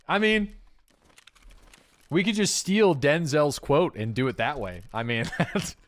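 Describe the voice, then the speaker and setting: A man streaming a game live, chatting casually with his viewers and thanking subscribers by name. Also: fairly high pitch. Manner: relaxed and chatty, with frequent fillers and asides to chat. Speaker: livestreaming gamer and host.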